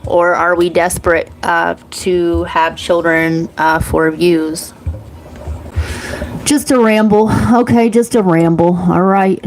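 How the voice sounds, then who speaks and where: A woman's voice: lowish voice, fairly even intonation, slow, rough recording. A woman in her forties hosting a psychic reading channel, talking in a blunt, profane, rambling way and laughing often. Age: 40s.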